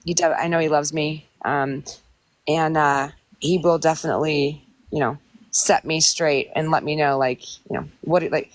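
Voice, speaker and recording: A woman's voice: low-pitched, fairly even intonation, moderate pace, dry recording. A woman on a podcast panel who talks bluntly and plainly in casual chat. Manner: blunt, plain-spoken, with fillers.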